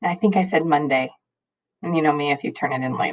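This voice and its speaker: Low-voiced chatty woman teacher. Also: fast. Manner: chatty and rambling, laughs often. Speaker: high school math teacher. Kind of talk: casual video chat to students. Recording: dull lo-fi recording.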